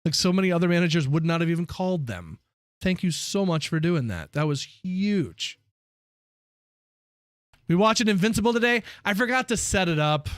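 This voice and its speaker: A man chats on a live stream, telling stories full of swearing and animated asides. His voice sits a bit high for a man, and the sound is close and dry, with no room echo. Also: moderate pace. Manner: profane, animated storytelling. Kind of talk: casual live-stream chat.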